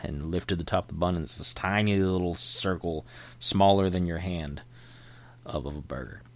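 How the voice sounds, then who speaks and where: Low-voiced man rambling casually. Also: normal speed. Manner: rambling, chatty, self-interrupting. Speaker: podcast host. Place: indoors at home.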